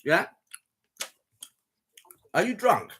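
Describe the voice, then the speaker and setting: A livestream host with a high-sitting, bright, husky voice is very animated and draws out his words. In a taunting live call-in chat, he teases and mocks a caller with flirty provocations.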